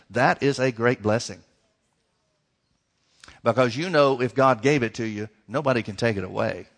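A man's voice: medium pitch, a bit bright. A male pastor preaching a sermon, emphatic and folksy, stretching key words and speaking straight to the congregation. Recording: long reverb of a large hall.

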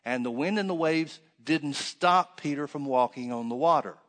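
A man preaching a sermon, reading scripture aloud and then explaining it with rhetorical questions, swinging between loud emphatic stresses and hushed asides. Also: a little high, moderate pace.

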